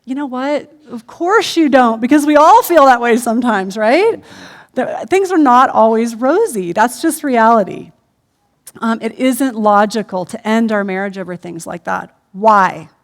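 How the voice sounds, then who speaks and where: A middle-aged woman co-preaching a sermon in a conversational way, often pausing with ums. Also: on the high side. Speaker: co-pastor. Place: church stage.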